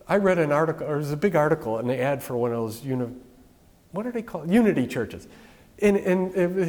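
Male pastor preaching in a reverberant hall. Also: a little high. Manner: informal, with animated asides. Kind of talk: conversational sermon. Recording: long reverb from a large hall.

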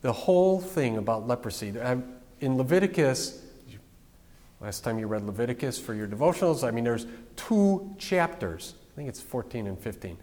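A man's voice: medium pitch, sing-song, normal speed, a little mellow, big-room sound. A man preaching a sermon as pastor, in a plain-spoken, conversational way.

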